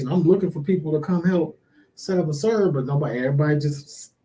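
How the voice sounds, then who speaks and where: A man's voice: a little high, fast talker, warm tone, low-quality recording. A man telling a work story in casual chat, acting out the people he quotes. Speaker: guest.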